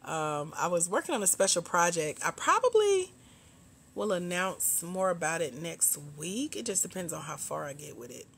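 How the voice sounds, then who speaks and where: A woman's voice: fairly low pitch, normal speed, vocal fry, few pauses, slight background noise. A middle-aged woman from Georgia, hosting a casual livestream chat with viewers. She laughs often and calls her viewers "girl" and "y'all.". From Georgia, US South. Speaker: host.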